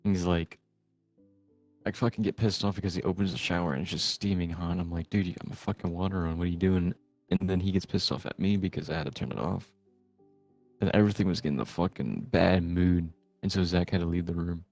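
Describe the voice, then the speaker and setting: A man's voice: sits low, a little fast, creaky, a little mellow, no echo, faint music behind. A young man chatting casually while gaming, telling a long rambling story full of swearing. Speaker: gamer recording with a friend.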